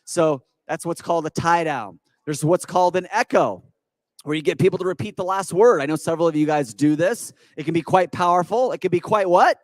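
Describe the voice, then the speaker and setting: A man giving an energetic, persuasive stage talk at a business expo, quizzing the audience with rhetorical questions. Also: a little high, brisk, no room sound. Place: conference hall with audience.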